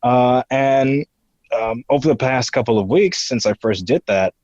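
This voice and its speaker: A man's voice: medium pitch, a little slow, a little mellow, dry recording, lo-fi sound. A young man in his twenties, a guest voice impressionist on a podcast interview, answering hesitantly with many fillers. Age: 20s.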